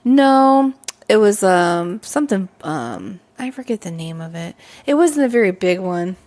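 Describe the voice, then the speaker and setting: A woman's voice: medium pitch, big pitch swings, measured pace, darkish tone. A woman co-hosting a podcast, chatting casually and enthusiastically as a movie fan, with some swearing. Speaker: podcast co-host. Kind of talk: casual chat.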